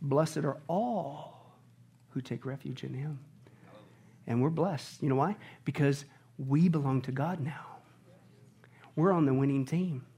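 A man preaching a sermon to his congregation in an animated way. He asks rhetorical questions constantly and swings from hushed lines to loud, emphatic ones. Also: medium pitch, unhurried, pauses often, husky. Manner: animated, rhetorical, keeps asking "right?". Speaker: pastor. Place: church service before a congregation.

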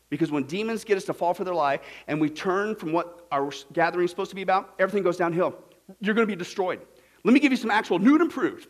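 A man preaching a sermon in a lively, sarcastic way, putting on mocking voices to make his points. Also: fairly high pitch. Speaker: pastor.

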